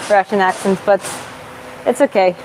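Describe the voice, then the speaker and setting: A woman boxing coach answers viewers' questions live while demonstrating punch combinations on a bag in a gym, explaining casually and marking each punch with quick "boom" sounds. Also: darkish tone, slight background noise, low-quality recording.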